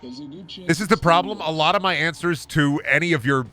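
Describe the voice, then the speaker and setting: A young man streaming a game, chatting fast and rambling with goofy jokes, often loud and high when he clowns around. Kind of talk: casual gaming stream chat.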